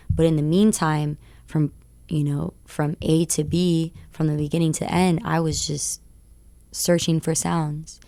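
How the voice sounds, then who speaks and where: A young woman rapper, a guest on a radio show, tells her stories in an excitable, tumbling rush. Her voice sits low and carries a gravelly fry. The studio mic sound is dry and close. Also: dry recording. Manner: excitable, tumbling recounting with laughs. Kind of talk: animated storytelling interview.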